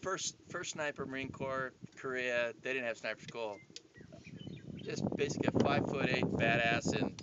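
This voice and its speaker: A man casually telling a story to friends outdoors on a cattle drive, profane and animated, laughing as he goes. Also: medium pitch, normal speed. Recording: muffled, loud outdoor wind noise.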